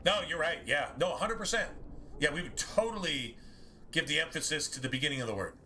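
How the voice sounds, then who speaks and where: A man's voice: fairly high pitch, expressive, a little fast, pushed and bright, a little hiss or hum. A man streaming a game, chatting casually with viewers in a rambling, musing way, correcting himself and swearing now and then.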